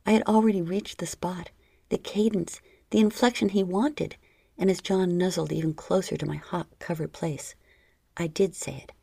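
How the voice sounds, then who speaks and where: A woman reading a first-person story in a low, breathy, half-whispered intimate voice, close to the mic. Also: fairly even intonation, moderate pace, dark tone, no echo. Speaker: narrator.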